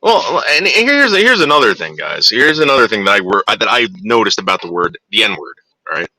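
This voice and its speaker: A man's voice: on the low side, very animated, a little fast, pushed and bright, dry recording. A man ranting heatedly to his viewers in a monologue, with profanity and frequent restarts. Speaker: vlogger.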